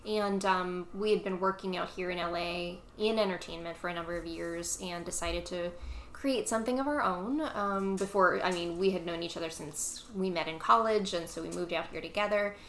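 A woman guest talks in a friendly, chatty way and laughs easily. Her voice sits at an ordinary pitch and rings in a roomy, echoey space, with faint noise underneath. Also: steady tone, normal speed, fairly bright tone. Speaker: guest, comics editor-in-chief. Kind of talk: casual interview chat. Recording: echoey room.

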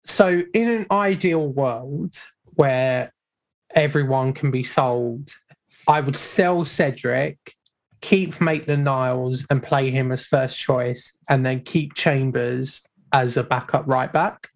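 A man in a casual football podcast chat, giving measured opinions and hedging often. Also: mid-range voice. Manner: measured, hedging with repeated "I think".

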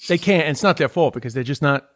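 Brief: middle-aged Queens New Yorker, strong accent, bit high-pitched, animated, curses a lot, casual chat. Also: fast talker. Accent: New York (Queens). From Queens, New York. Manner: animated storytelling, swears freely, restarts often.

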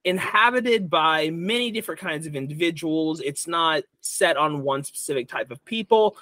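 A young man running a tabletop game as dungeon master, with a bright, slightly high voice. He explains options in a loose, rambling way full of fillers. The sound is dry and close. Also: no echo.

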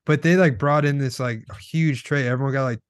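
A man's voice: mid-range voice, a little fast, clean tone, no echo. Young man reminiscing, dry close sound. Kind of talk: casual chat.

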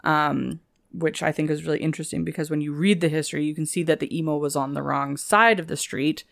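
Woman, young adult, podcast co-host, casual history chat, eager, lowish voice. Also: steady tone, fast talker, gravelly. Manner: eager, gushing about historical details.

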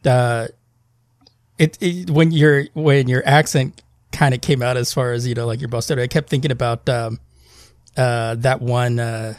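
A man's voice: medium pitch, fairly even intonation, a little slow, no echo, studio quality. A man co-hosting a podcast in a loose, easygoing casual chat with many fillers. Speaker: podcast co-host.

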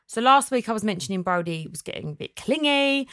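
A woman's voice: fairly high pitch, a little fast, no echo, studio quality. A woman hosting a casual podcast, chatting animatedly and reading out listener messages. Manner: chatty, animated, laughs often. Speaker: podcast host.

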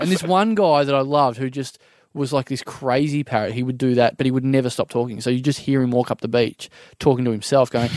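A man's voice: medium pitch, steady tone, brisk, no echo, studio quality. An Australian man telling travel stories in casual chat, mimicking voices and laughing often.

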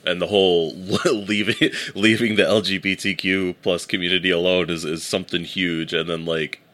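A man's voice: sits low, fairly even intonation, moderate pace, a bit bright. A man co-hosting a podcast in casual chat. He is laid-back, laughs often and keeps hyping up his friend. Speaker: podcast co-host.

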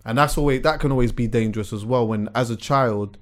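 Give me a young male podcast host, calm and thoughtful. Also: mid-range voice, fast. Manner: relaxed, reflective, slangy. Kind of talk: casual chat.

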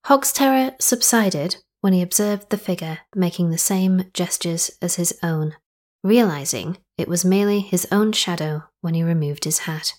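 A woman's voice: fairly low pitch, normal speed, darkish tone. Chatty young woman podcast host. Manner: chatty, rambling asides and self-corrections. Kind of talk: casual podcast narration.

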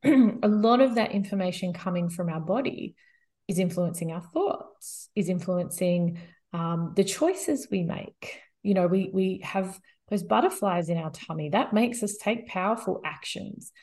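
Calm woman explaining as interview guest. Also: mid-range voice, measured pace. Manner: calm, explains steadily with frequent "you know". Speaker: guest expert.

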